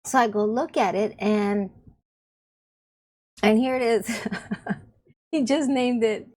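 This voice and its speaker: A woman's voice: fairly high pitch, takes it slowly, darkish tone. Chatty woman who laughs often. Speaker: YouTuber. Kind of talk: casual rambling chat to camera.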